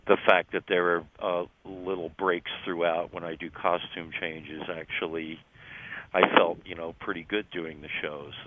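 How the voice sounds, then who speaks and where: Low-voiced older man with a Philly accent on a phone line. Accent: Philadelphia. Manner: relaxed, halting, many ums and uhs, wry laughs. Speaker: interview guest, musician. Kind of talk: phone interview chat. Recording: tinny phone line, faint noise.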